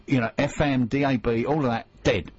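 A man's voice: medium pitch, fairly even intonation, a little fast, husky, no echo, muffled recording. A man co-hosting a radio show in casual chat, reading out tweets and spelling out web addresses.

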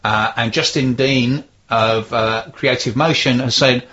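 A man's voice: mid-range voice, fairly even intonation, unhurried, bright, forceful tone. A man hosting a radio show, reading listener messages with dry, wry banter. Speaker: radio host. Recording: dull lo-fi radio sound.

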